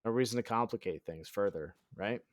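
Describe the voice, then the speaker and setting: Over a dry recording, a man with a fairly low voice talks fairly quickly while streaming a game. He's casual and sarcastic, bragging in jest, cursing, mocking himself and thinking out loud.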